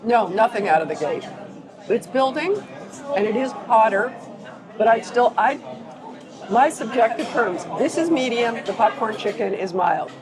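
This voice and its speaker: A woman's voice: a little high, animated, measured pace, low-quality recording. A woman reviewing food in a casual vlog, describing flavors and dishes in detail, in a restaurant. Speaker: food vlogger. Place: indoor restaurant. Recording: busy restaurant chatter behind.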